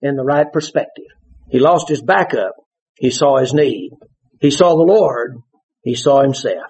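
A man preaching a sermon, animated, bursting into shouts and laughter as he tells his stories. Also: mid-range voice, unhurried. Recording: dull lo-fi sermon recording.

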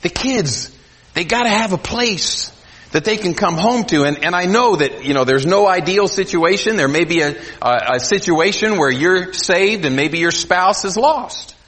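Pastor guy preaching, pretty high voice, super animated delivery, goes big then drops low. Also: moderate pace. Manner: animated, swings between loud emphasis and low asides. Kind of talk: sermon.

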